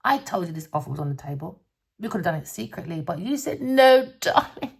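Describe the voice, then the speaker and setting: A woman's voice: sits low, very animated, fast, creaky, breathy edge. A woman giving a theatrical tarot reading, sing-song and cussing, calling listeners darling. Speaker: tarot reader.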